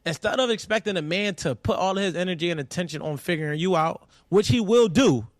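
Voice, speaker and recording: A man co-hosting a casual podcast, speaking candidly and profanely as he gives blunt relationship advice and tells lively stories. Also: high voice, fast, no room sound, clean studio sound. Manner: lively storyteller. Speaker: podcast co-host.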